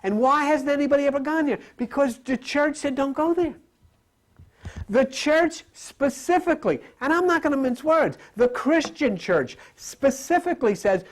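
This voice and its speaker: A man giving a live spiritual lecture to an audience, rambling and conversational, with jokes and rhetorical questions. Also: very high-pitched.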